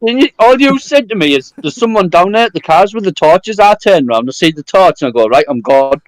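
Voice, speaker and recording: Young lad, high pitch, dry close sound, rowdy storyteller. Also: male voice, expressive, fairly quick, dry recording. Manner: boisterous, sweary, laughing. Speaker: podcast co-host. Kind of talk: live podcast storytelling.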